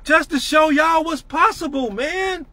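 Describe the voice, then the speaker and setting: A man's voice: very high-pitched, a little slow, bright, forceful tone, dry recording. A middle-aged man giving a profane, emphatic motivational rant to his network marketing team.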